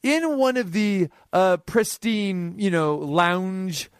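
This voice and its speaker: A man with a high, light speaking voice hosts a radio talk show, spinning a long anecdote and acting out the other people's lines. The sound is close and dry, with no room around it. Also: slow, clear, resonant tone, no echo. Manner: animated storyteller acting out quoted dialogue. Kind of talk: casual storytelling chat.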